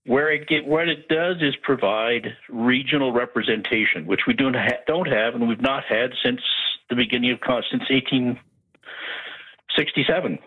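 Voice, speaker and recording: A man's voice: medium pitch, moderate pace, slightly rough. A man calling in to a radio show, talking emphatically and rambling from point to point. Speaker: caller. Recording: tinny phone line.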